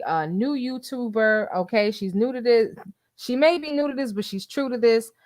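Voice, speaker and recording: A woman's voice: on the high side, moderate pace, darkish tone, dry recording, clean studio sound. An older woman hosting a casual livestream, chatting and gossiping with frequent laughs. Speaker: YouTube host.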